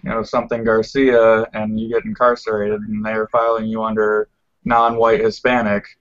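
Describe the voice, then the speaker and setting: A man explains a point in a casual panel chat, sprinkling in plenty of fillers. His voice sits on the low side. The audio is dull and lo-fi. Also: completely flat delivery, moderate pace.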